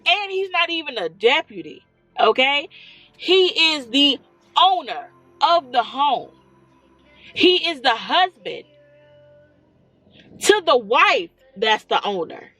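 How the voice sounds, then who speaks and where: Young woman, storytime vlogger; lively, chatty, keeps checking in with her viewers; soft music bed. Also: sits high, takes it slowly, long pauses. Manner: animated, talks straight to viewers with "y'all" and "okay?". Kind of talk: casual storytelling.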